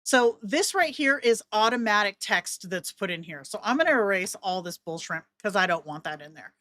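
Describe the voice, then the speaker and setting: A woman's voice: mid-range voice, expressive, normal speed, fairly bright tone, dry recording. Woman, casual walkthrough, chatty, jokey asides, dry close sound. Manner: chatty, joking asides to herself. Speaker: content creator.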